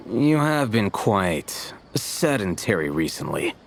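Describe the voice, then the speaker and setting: An actor playing an aloof, dry scholar who speaks curtly and deadpan. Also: male voice, on the low side, slow pace, creaky, a little hiss or hum, heavily acted. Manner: deadpan, curt. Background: game music.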